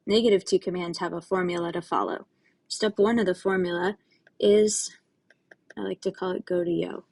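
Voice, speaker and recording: A woman's voice: mid-range voice, darkish tone. A woman Spanish teacher giving a recorded lesson, explaining step by step to her students in a patient, casual way with friendly asides.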